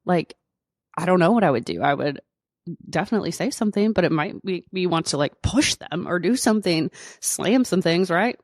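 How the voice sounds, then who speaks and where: A woman's voice: on the low side, animated, normal speed, dry recording, studio quality. A woman doctor hosting her own podcast, telling a personal story in a chatty way with lots of fillers. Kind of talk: casual solo podcast storytelling.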